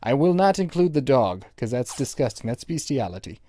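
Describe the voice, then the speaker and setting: A man's voice: medium pitch, big pitch swings, a little fast, mellow, dry recording. A young man giving rambling, crude running commentary while playing a game, mocking the characters with joking insults. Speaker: gameplay commentator.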